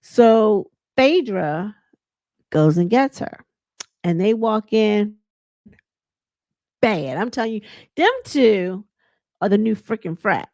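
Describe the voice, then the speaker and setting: A chatty woman recapping a reality show in an easygoing, unhurried way. Her pitch swoops up and down as she retells scenes with animated asides. The sound is dry and close. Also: no echo. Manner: chatty, animated retelling with acted quotes and laughs.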